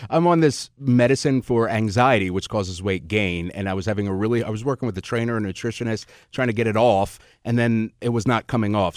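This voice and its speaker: A man hosting a casual interview, asking rambling, halting questions. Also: on the low side, no echo, studio quality. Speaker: interviewer host.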